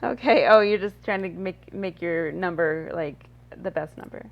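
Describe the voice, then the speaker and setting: A woman hosting a podcast, chatting casually from home over a remote call, rambling and trailing off quietly. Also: fairly low pitch, moderate pace, creaky, dull audio. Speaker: podcast host. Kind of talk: casual chat.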